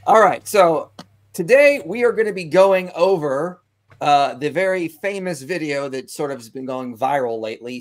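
Male host, playful and jokey, running a casual video-call panel. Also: mid-range voice. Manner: joking, playful.

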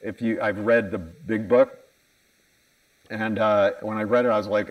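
Speaking from a conference hall stage, this American keynote speaker is frank and pokes fun at himself while quizzing the crowd. His mid-range voice keeps a moderate pace with frequent pauses, captured from afar in a rough recording.

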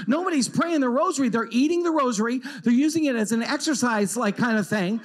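A middle-aged man giving a personal storytelling talk at a retreat, swinging from loud outbursts to hushed tones. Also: very high-pitched, fast talker, hardly any pauses. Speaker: conference speaker.

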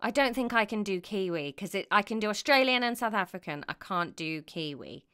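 Bright, teasing woman podcast co-host. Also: medium pitch, lively intonation, a little fast. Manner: teasing, playful banter. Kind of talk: casual comedic chat.

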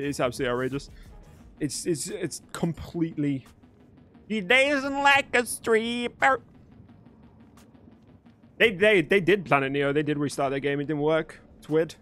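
A young British man with a mostly neutral accent and a fairly high voice hosts a live stream. He chats in a loose, friendly way, thanks viewers and reads out the chat. Soft music plays faintly behind him. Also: fast. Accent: British English, mostly neutral. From Birmingham, England. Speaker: streamer host.

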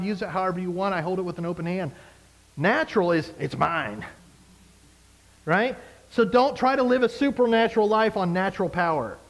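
A man's voice: sits high, poor audio. A man preaching a conversational sermon as a pastor, emphatic and fond of repeated phrases. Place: church service.

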